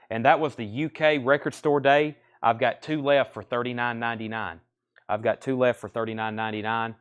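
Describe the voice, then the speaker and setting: A man with a Southern US accent hosting a live record sale, reading off titles, grades and prices and thinking aloud as he goes. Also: mid-range voice. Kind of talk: live-stream sales patter. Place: record store.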